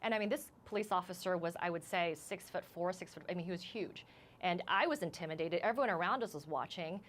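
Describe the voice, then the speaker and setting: A woman from the United States, a news correspondent, speaking as a guest in a live news interview, shaken and halting, with many restarts. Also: fairly low pitch, a bit bright, a little hiss or hum. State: shaken, voice unsteady.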